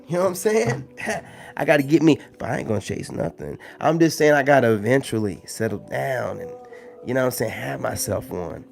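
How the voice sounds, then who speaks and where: A man's voice: mid-range voice, animated, a little fast, vocal fry, soft background music. A man hosting a casual live stream, talking loosely with lots of slang and filler phrases. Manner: loose, slangy, full of "you know what I'm saying" fillers.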